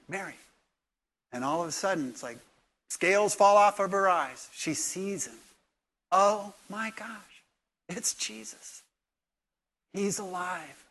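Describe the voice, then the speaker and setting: A man preaching a sermon in a conversational storytelling way, sometimes dropping to soft, intimate tones. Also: sits high. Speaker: pastor.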